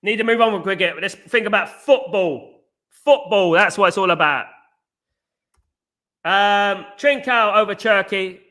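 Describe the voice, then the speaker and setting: Hyped high-voiced football fan host. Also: male voice, unhurried, pauses often. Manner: hyped, banter-heavy, shouts out viewers. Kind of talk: live stream chat with viewers.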